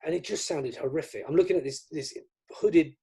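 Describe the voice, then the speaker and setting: A man's voice: on the high side, brisk, vocal fry, mellow, breathy edge. A middle-aged man from the UK, a magician guest in an interview, chatting casually and acting out the dialogue in his stories. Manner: chatty, acts out quoted dialogue.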